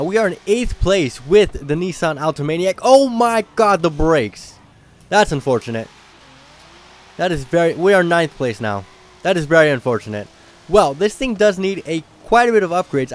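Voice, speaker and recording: A young man hosting a car game video, talking casually and getting excited and loud at times. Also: fairly high pitch. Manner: excitable, slangy, bursts of shouting at rivals. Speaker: gaming channel host. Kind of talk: casual gameplay commentary.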